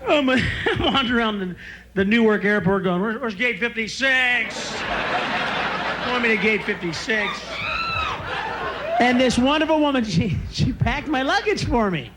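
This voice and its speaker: A man's voice: extremely high pitch, animated, moderate pace, over a noisy crowd, very noisy. Man shrieking through a stand-up rant. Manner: ranting, bursts into shrieking screams. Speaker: stand-up comedian. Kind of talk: stand-up routine.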